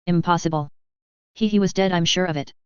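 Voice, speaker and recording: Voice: medium pitch, brisk, clean tone, no echo, close to an everyday voice. A reader voicing a tough former soldier, a man who curses and speaks tensely under attack, on a slightly dull recording. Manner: cursing, tense.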